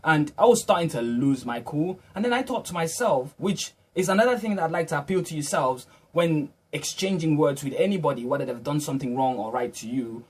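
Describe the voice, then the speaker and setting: Male vlogger, slightly high husky voice, earnest reflective storyteller, restarts his phrases. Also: a little fast, hardly any pauses.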